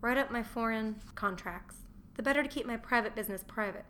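A woman reading the lines of a gruff, middle-aged Roman merchant who is contemptuous of his wife, in a scornful, grumbling manner, as an audiobook character voice. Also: a little high, a little fast, a bit bright, slight background noise, natural voice.

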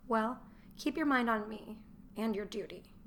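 A woman reading the lines of a gruff, middle-aged Roman merchant who is contemptuous of his wife, in a scornful, grumbling manner, as an audiobook character voice. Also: fairly high pitch, measured pace, a little hiss or hum.

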